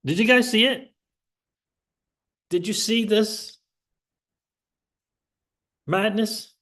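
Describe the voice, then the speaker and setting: A man hosting a crypto vlog, ranting in an excitable way, repeating his questions and laughing between lines. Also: sits high, drawn-out words. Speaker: crypto channel host.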